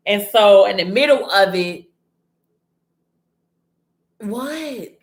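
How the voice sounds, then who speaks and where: A woman's voice: medium pitch, expressive, very slow, pauses often, reverberant. A woman casually retelling a story to camera in a chatty manner, breaking off now and then to scold someone nearby.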